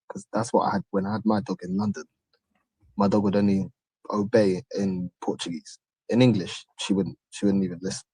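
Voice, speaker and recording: A man's voice: lowish voice, level tone, brisk, warm tone, breathy edge, no room sound, rough recording. A man hosting a live stream, telling stories in a laid-back chatty way with London slang. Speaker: channel host. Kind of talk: casual chat on a live stream.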